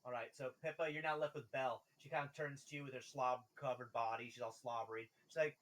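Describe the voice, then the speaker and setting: A man's voice: medium pitch, fairly even intonation, quick pace, hardly any pauses, a bit bright, poor audio. A man narrating a tabletop game as game master in a loose, casual way, often laughing.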